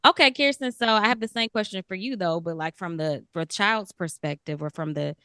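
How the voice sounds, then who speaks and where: A woman's voice: medium pitch, brisk, fairly bright tone, clear, resonant tone, no echo. An upbeat woman co-hosting a podcast, laughing easily as she asks questions. Her voice sits mid-range and sounds dry and close. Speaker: podcast co-host. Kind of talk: casual chat.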